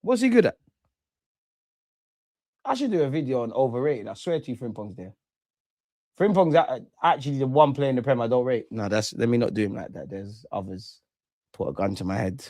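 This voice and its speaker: Give me an excitable young man in his own voice, trading banter with his chat during a live football match, in a dry, close recording. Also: medium pitch, a little fast, long pauses, dry recording. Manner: excitable, banter-heavy, trash-talking. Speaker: streamer hosting a football watch-along. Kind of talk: casual live commentary, chatting with viewers.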